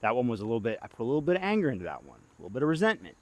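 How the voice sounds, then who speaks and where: A young man filming himself outdoors, giving excitable play-by-play of his own throws as he talks to himself, pleading and groaning. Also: medium pitch, racing. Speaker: disc golf vlogger. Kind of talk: self-filmed play-by-play commentary. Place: outdoor disc golf course.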